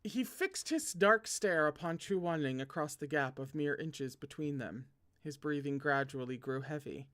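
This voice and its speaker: A man with a higher-pitched voice hosts a read-along of a novel. His narration is animated, and he keeps breaking off to joke, laugh and comment before returning to the page. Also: normal speed, few pauses. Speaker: host reading a novel aloud.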